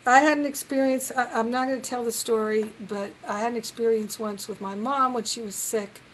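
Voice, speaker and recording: A woman leading a reflective spiritual talk on a live group call, gentle and earnest, now and then acting out the voices she quotes. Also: fairly high pitch, fairly even intonation, fairly quick, a little hiss or hum, rough recording.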